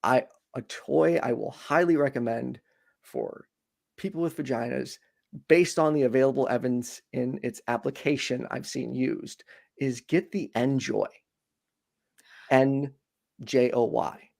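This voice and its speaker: A woman co-hosting a call-in dating show in casual chat, speaking haltingly and hesitantly. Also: extremely low pitch, gravelly, darkish tone, no room sound, studio quality. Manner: halting, hesitant, fillers and restarts.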